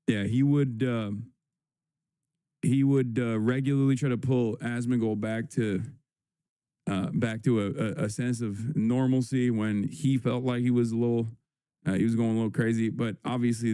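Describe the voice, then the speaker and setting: A man talks casually on a livestream in a dark, mellow voice that stays smooth and clear. He reads headlines in a slow, drawn-out way, drops dry sarcasm and fills gaps with ums and uhs. The sound is close and dry, with no room around it. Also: mid-range voice, level tone, no room sound. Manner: sarcastic, drawn-out reading of headlines with many fillers. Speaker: livestream host.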